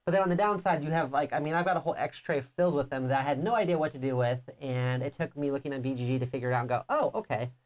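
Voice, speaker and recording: A woman's voice: very deep voice, rapid-fire, few pauses, a little mellow. A woman co-hosting a live board game playthrough, teasing her opponent and explaining rules at length in casual chat. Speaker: board game show co-host.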